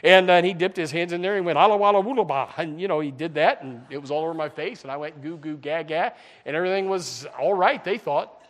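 A folksy preacher man delivering a sermon, his voice sitting a little higher than most men's. He talks plainly and casually, slipping into mocking impressions of the people he is describing. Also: fast talker, slight background noise. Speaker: pastor.

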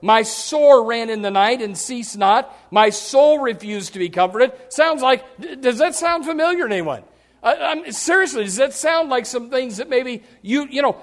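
A man's voice: very high voice, animated, normal speed. A man preaching a sermon in a folksy way, with many restarts, acting out what people say. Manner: folksy, repetitive restarts, acts out quotes. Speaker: pastor.

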